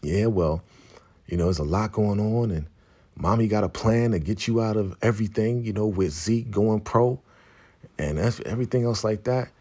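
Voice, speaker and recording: A man's voice: on the low side, moderate pace, dark tone, voice pushed up, lightly acted. A man voicing a sassy teenage girl who bluntly spills family secrets. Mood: taunting. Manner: blunt and taunting.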